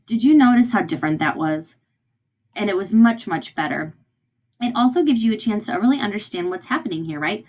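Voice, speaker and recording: A woman teacher speaks to young children in a recorded lesson. She is encouraging and keeps checking that they follow along. Her voice sits at a middle pitch for a woman. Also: animated, brisk, darkish tone. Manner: encouraging, often checks in with "right?" and "okay?".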